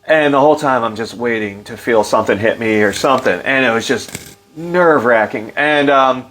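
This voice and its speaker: A man's voice: mid-range voice, moderate pace, slight background noise. Middle-aged man telling a story. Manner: animated, acts out quotes in livelier voice; loose, filler-heavy delivery. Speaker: interview guest. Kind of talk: casual storytelling.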